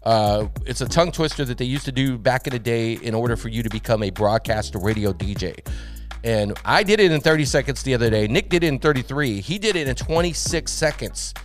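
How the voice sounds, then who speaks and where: A man's voice: medium pitch, a little fast, faint music behind. A man co-hosting a morning live stream, bantering casually and reading news bits aloud with frequent laughs. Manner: animated, laughs often, reads news items aloud. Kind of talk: casual radio-style banter.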